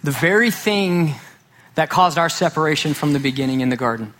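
A man's voice: fairly high pitch, lively intonation, fairly quick, fairly bright tone. A male pastor preaching a sermon, emphatic and repeating key phrases for weight.

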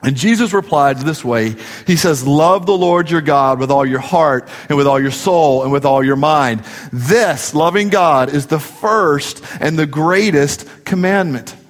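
A man's voice: a little high, a little slow, few pauses. A middle-aged man preaching a sermon, joking and telling family stories as a pastor. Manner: jokey, storytelling preacher. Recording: long reverb of a large hall.

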